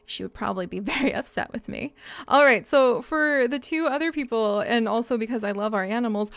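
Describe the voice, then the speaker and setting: Bubbly high-voiced young woman streamer. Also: a little fast, vocal fry, dry recording. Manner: bubbly and excitable, gushing thanks to chat. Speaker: live streamer. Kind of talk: live-stream gameplay chat.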